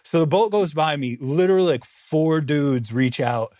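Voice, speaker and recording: A man co-hosting a sports podcast, telling a story in lively casual chat and laughing often. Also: a little high, moderate pace, dry recording, clean studio sound. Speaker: podcast co-host, NFL writer.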